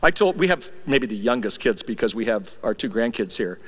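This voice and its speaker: A man's voice: mid-range voice, very animated, brisk. Older man, eulogy speaker, wry storyteller, reverberant church hall. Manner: storytelling, wry and affectionate, drops soft when emotional. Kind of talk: memorial tribute speech. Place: church sanctuary.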